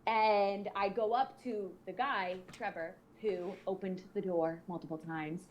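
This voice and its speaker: A young adult woman co-hosting a podcast, telling a story in a casual, animated, profane way and acting out what people said. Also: mid-range voice, a little slow, a little hiss or hum. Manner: animated, profane, acts out quoted voices. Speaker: podcast co-host.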